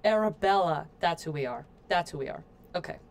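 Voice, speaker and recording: A woman's voice: fairly low pitch, animated, brisk. Chatty woman streaming a game. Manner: chatty and playful, talks to viewers. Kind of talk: casual gameplay commentary.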